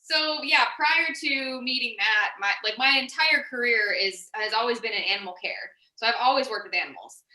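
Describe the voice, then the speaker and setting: A woman's voice: fairly high pitch, normal speed, hardly any pauses, pushed and bright, reverberant, poor audio. A woman who trains animals, chatting in a cheerful, easygoing way. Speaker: bird trainer guest. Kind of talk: casual chat.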